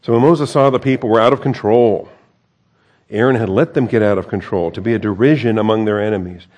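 A man's voice: on the low side, fairly quick, darkish tone, lo-fi sound. A man reading a Bible passage aloud and breaking off into conversational commentary with wry asides. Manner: reads scripture aloud then comments, wry asides and self-corrections. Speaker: Bible teacher.

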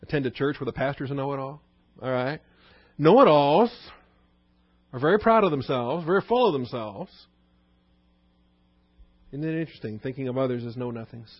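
A man's voice: mid-range voice, expressive, a little fast, long pauses, no room sound. Man teaching a Bible study. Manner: conversational, asks the listeners questions. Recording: dull dry recording.

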